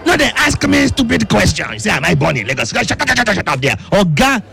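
A man's voice: high voice, big pitch swings, fast, vocal fry, a bit bright, voice pushed up, full character voice. Man playing a quarrelsome comedy caller with a Nigerian Pidgin accent, combative and snappish. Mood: angry. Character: touchy male caller, quick to take offense.

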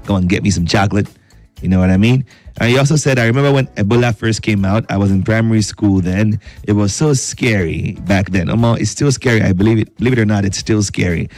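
On a midday radio show, a Nigerian-accented male host keeps things lively, joking with listeners and reading their messages aloud in a playful way. He speaks with a lowish, darkish voice.

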